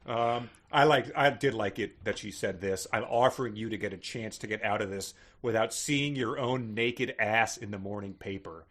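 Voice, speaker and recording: Husky-voiced wry male podcast co-host. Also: lowish voice, normal speed, hardly any pauses, a bit bright. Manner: wry, joking, sardonic asides. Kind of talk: casual comedic book discussion.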